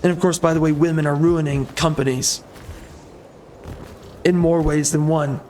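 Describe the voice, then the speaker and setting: Heated, ranting man, slightly high voice. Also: fairly even intonation, normal speed, a little mellow, a little hiss or hum. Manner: heated, emphatic, repetitive ranting. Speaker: gaming commentator. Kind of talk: ranting commentary over gameplay.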